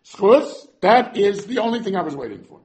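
A man's voice: high-pitched, big pitch swings, moderate pace, pitched above the performer's own voice. A man voicing God as a blunt, chummy, reassuring figure who talks like a friend. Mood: encouraging. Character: God, casual encouraging divine voice, male.

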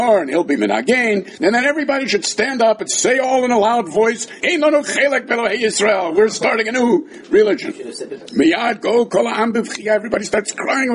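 A man's voice: sits high, slight background noise. A man teaching a Talmud class, mixing Hebrew and Aramaic terms into his English, acting out the quoted dialogue and adding dry, wry asides. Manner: acts out the quoted dialogue with a changing voice.

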